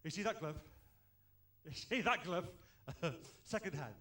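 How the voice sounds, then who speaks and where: Brief: a man doing a bumbling middle-aged comic magician, high and lively, bright voice, chuckles through his gags. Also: a little slow, a little hiss or hum. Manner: chuckling, muttering "oh dear" between one-liners. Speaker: tribute comedian. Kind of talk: stand-up comedy with botched magic tricks. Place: stage in a club.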